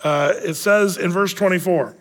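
A man's voice: high voice, moderate pace, fairly bright tone, long reverb tail. A male pastor delivering a conversational sermon, speaking with frequent fillers and restarts.

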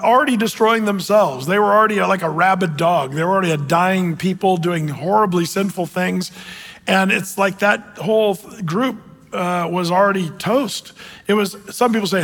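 Older male pastor, high-pitched, chatty sermon with fillers, long hall reverb. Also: a bit bright, breathy edge. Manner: conversational, many fillers and restarts, acts out quoted voices.

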